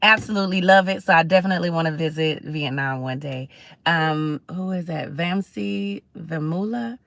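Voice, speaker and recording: Middle-aged woman, chatty livestream host, low-set voice, dry close sound. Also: moderate pace, vocal fry, dry recording. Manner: chatty, preachy, shouts out viewers. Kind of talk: casual livestream talk.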